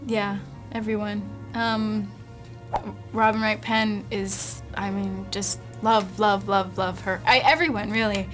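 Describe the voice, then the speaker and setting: A woman, an actress in an interview, gushing warmly about her co-stars. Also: mid-range voice, steady tone, takes it slowly, soft background music. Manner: gushing, effusive. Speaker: actress promoting a film. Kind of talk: casual interview chat.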